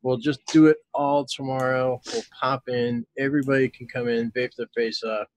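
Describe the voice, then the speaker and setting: A man's voice: medium pitch, little pitch movement, moderate pace, a little mellow, dry recording, rough recording. Blunt, swearing man hosting a panel. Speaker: panel host and live streamer. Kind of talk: casual panel chat.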